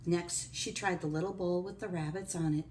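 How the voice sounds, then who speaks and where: A woman reading a picture book aloud to children, slow and expressive. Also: lowish voice, slight background noise. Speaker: storyteller.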